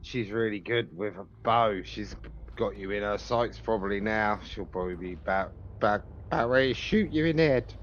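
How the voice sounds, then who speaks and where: A man's voice: on the low side, brisk, highs cut off, slight background noise, lightly acted. A man playing a cocky, angry male gnome who mocks his enemy. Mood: mocking. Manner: mocking, sarcastic.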